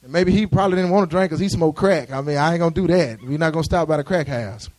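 High-voiced preacher. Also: male voice, fast, a little mellow. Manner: conversational preaching with many restarts and call-and-response. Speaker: pastor. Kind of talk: sermon.

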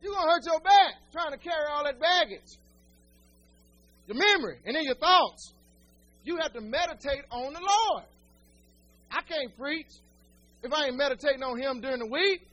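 A man's voice: very high-pitched, lively intonation, normal speed, long pauses, bright, forceful tone, lo-fi sound, faint music behind. A male pastor preaching a sermon, speaking right to his congregation with folksy humor and repeated, building phrases.

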